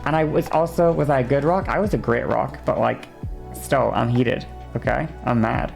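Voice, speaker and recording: A young woman streamer with a gravelly, creaky edge to her voice. She rants heatedly, swears freely and keeps checking in with her audience. Faint music plays behind her. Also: rumbling low, steady tone, normal speed, a little mellow. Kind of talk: casual stream chat.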